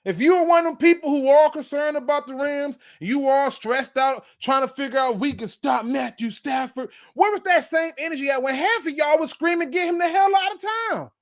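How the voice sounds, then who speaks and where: A man with a very high voice hosts his own sports channel, delivering a fired-up, preachy fan rant that hammers the same points over and over. He talks at a moderate pace with few pauses.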